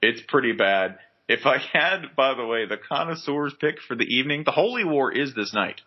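A man's voice: medium pitch, lively intonation, normal speed. A man hosting a podcast, chatting casually about sports in a joking, rambling way with many fillers. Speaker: podcast host. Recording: dull lo-fi podcast recording.

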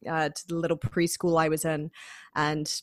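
A woman's voice: low voice, moderate pace, no room sound, clean studio sound. A woman of about thirty from Manchester with a northern English accent, chatting as a guest in an interview and telling stories with frequent laughs. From Manchester, England. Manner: lively storyteller, laughs often, acts out quotes. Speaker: guest harpist. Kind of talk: casual interview chat.

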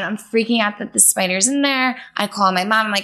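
Bright-voiced young woman telling a story. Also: on the high side, brisk. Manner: animated storyteller, acts out her own panic. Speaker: podcast co-host. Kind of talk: casual chat.

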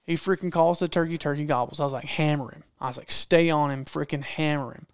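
A man's voice: fairly high pitch, fairly even intonation, fast, smooth, no echo, studio quality. A man telling a hunting story in casual talk, acting out quotes and repeating phrases for effect. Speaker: podcast guest storyteller, hunting videographer.

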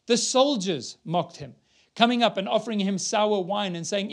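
A man's voice: high-pitched, animated, moderate pace. A man preaching a sermon, earnestly reading scripture aloud and building to emphatic peaks.

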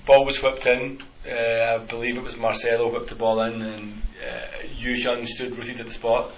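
A man's voice: mid-range voice, flat delivery, moderate pace. A man co-hosting a casual football podcast, rambling with many restarts and fillers. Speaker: podcast co-host. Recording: roomy, slightly dull, faint hiss.

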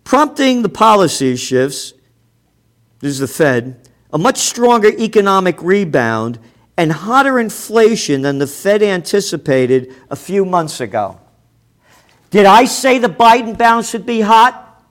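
A man with a notably high voice rants as a show host, swinging his pitch widely as he goes. He is combative and profane, breaking into loud shouts between slower stretches. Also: sing-song. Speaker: host of a trend forecasting show. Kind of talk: ranting commentary.

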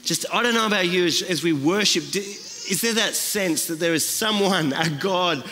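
A man's voice: high voice, moderate pace, sharp tone, a little hiss or hum. A man preaching a sermon as a guest speaker, earnest and repeating phrases for emphasis. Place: church. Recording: long church reverb.

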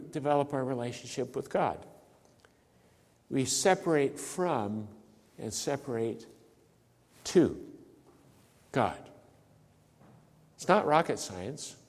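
A pastor preaching a sermon, emphatic and repeating key phrases for stress. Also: male voice, on the high side, in a large hall. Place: church sanctuary.

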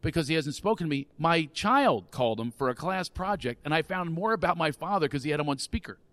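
A male comedian guest telling stories in casual chat, animated and laughing often. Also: fairly high pitch, fast talker, no room sound.

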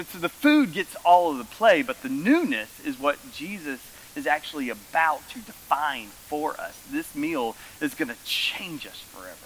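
A man preaching a sermon as pastor, telling stories with lively emphasis. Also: on the high side, rough recording.

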